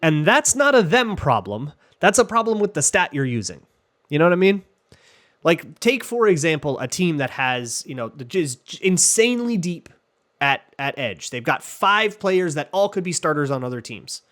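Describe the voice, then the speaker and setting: A man's voice: fairly high pitch, very animated, moderate pace, fairly bright tone. A man hosting a football talk show, answering listener questions in a loose, joking way with lots of fillers and restarts. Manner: chatty, jokey, many fillers and restarts. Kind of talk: casual chat.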